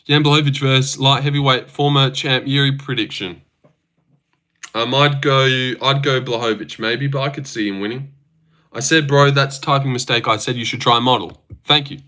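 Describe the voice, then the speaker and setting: A man's voice: medium pitch, fairly even intonation, normal speed, pushed and bright. A young man chatting casually on a stream, joking, teasing and swearing as he reacts.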